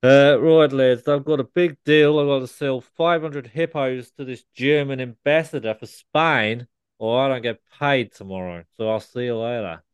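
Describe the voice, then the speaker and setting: A man's voice: medium pitch, moderate pace, clean tone, no room sound, highs cut off, lightly acted. A man voicing a cheesy male car salesman, telling corny dad jokes in punchline rhythm. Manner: corny punchline delivery, stammering gag voice.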